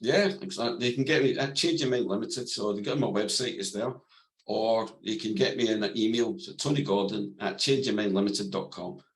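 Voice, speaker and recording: Calm plain-spoken man, lowish voice. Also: brisk, low-quality recording. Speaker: guest, NLP coach and therapist. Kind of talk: podcast interview, explaining and storytelling.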